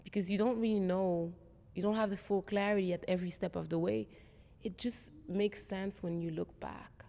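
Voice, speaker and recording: A woman's voice: medium pitch, steady tone, normal speed, creaky, dark tone, long reverb tail. A woman being interviewed about her career, talking in an earnest, reflective way. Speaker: guest, tech executive. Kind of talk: interview conversation.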